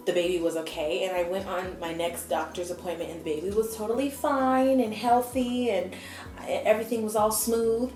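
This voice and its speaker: A young adult woman vlogging, telling a personal story in a chatty, animated way and acting out what people said. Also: on the low side. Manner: chatty, animated, acts out quotes. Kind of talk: casual storytelling. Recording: echoey room.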